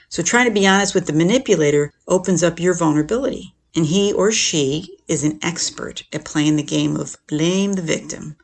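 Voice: mid-range voice, vocal fry. A podcast host explaining things in a casual, conversational way, often checking in with "right?" and "you know". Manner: acts out quoted lines in a lifted, animated voice. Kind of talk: casual explanatory talk on relationships.

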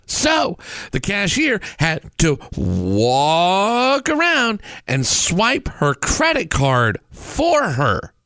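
Animated, ranting man in his forties. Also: high voice, very slow, no echo, clean studio sound. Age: 40s. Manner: profane, ranting, animated storytelling. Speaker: host. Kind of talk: comedic rant.

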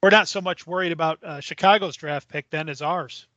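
A man's voice: fairly high pitch, a little fast, a bit bright, dry recording, lo-fi sound. A man co-hosting a sports podcast, griping bluntly with frequent swearing. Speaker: podcast co-host. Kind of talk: casual podcast banter.

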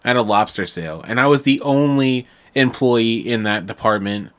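Animated storytelling man, casual chat. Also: normal speed. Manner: animated storyteller, acts out customers in a high put-on voice. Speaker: podcast co-host.

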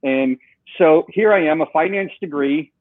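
A man tells a long story in an interview, acting out the voices of the people he quotes. His voice sits a little high. The sound is thin and tinny, as over a phone line, with no room echo. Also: measured pace. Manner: animated storyteller, acts out quoted dialogue. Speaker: guest, software co-founder.

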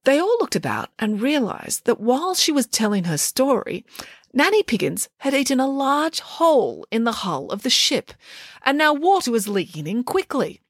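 Lively woman reading a storybook aloud. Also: a little high, moderate pace, husky, dry recording, studio quality. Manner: lively, switches voices for each character. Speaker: audiobook narrator. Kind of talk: storybook reading with character voices.

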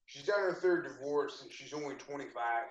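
A man's voice: mid-range voice, normal speed, echoey room, highs cut off. A man cohosting a podcast, telling offhand stories in casual chat. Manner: offhand storytelling.

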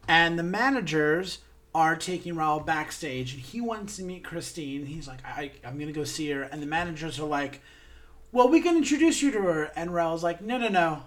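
Animated woman retelling a story. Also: low voice, moderate pace. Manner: animated, acts out characters' lines. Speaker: podcast co-host. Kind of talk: casual chat retelling a musical's plot.

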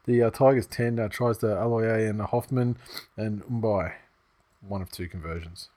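A man's voice: on the low side, steady tone, moderate pace, warm tone, no room sound. A man, co-hosting a casual sports podcast in a rambling, laid-back way. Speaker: podcast co-host.

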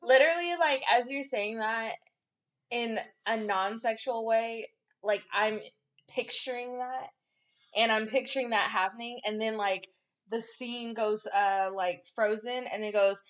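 A woman's voice: on the high side, a little slow, fairly bright tone. A woman hosting a podcast, chatting in a crude, giggly, rambling way. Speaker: podcast host. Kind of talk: casual chat.

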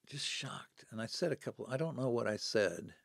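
A man's voice: mid-range voice, animated, fast talker, vocal fry, no room sound, clean studio sound. A man in his seventies, a podcast guest, telling stories in conversation and acting out the people he quotes. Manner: dramatic storyteller who acts out the people he quotes. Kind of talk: storytelling in conversation.

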